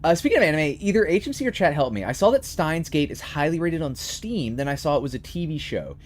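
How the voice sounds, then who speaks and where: A man live-streaming from his desk, talking casually to chat and answering their messages as they scroll by. His voice rises and falls in a lively way, and a faint background hum sits under the recording. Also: on the high side, fast. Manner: chatty, reads and answers chat, animated.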